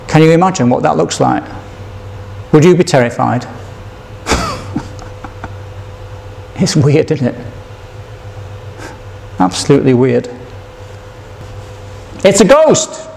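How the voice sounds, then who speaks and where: Slow, higher-pitched male preacher. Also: creaky, a little mellow, a little hiss or hum. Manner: reads scripture aloud and asks the listeners questions. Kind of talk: sermon.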